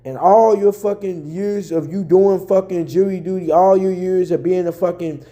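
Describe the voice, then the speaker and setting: A man's voice: sits high, fairly even intonation, moderate pace, dark tone. A man from Memphis, ranting angrily and full of swearing as he gives his own commentary. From Memphis, Tennessee. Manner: angry, profane, repetitive.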